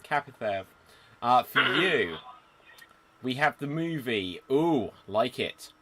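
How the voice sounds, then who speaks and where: A man hosting a live improv comedy stream on a video call, briskly giving out games and laughing along. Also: mid-range voice, animated, sharp tone. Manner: brisk, chuckling, jokey hosting. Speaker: improv show host.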